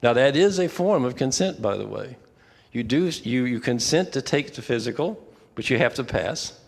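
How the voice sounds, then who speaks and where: An older man leading a church prayer workshop, talking in a relaxed, conversational way with frequent asides and restarts. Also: mid-range voice, normal speed, vocal fry, long reverb tail. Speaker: workshop leader. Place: church fellowship hall.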